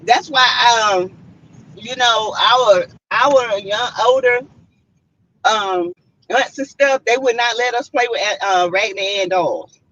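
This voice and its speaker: A Southern US woman hosts a casual, chatty live stream, talking to her viewers with many "y'all" and "mm-mm" asides. Her voice is on the high side, slow and fairly bright, in slightly muffled lo-fi stream audio.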